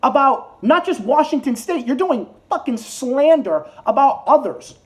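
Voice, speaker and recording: A man's voice: very high voice, lively intonation, measured pace. An American man ranting angrily at a politician, heated and profane, repeating his insults over and over. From United States. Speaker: political commentary vlogger. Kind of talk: angry ranting monologue.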